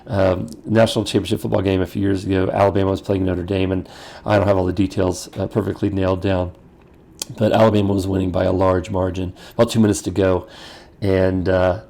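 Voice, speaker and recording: A man's voice: on the low side, creaky, mellow. A male pastor giving a conversational teaching talk to ministers, often acting out quoted dialogue and restarting phrases.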